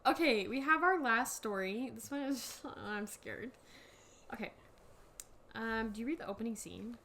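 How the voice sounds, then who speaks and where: A young woman co-hosts a casual chat podcast and reads a story aloud in halting, giggly bursts. Her voice sits a little high, with a faint hiss behind it. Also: expressive, sharp tone. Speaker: podcast co-host.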